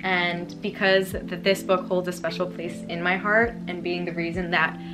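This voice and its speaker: A young woman vlogging about books in a casual, rambling way, full of fillers and quick emotion. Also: fairly low pitch, level tone, over music. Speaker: book YouTuber. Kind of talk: casual chatty vlog.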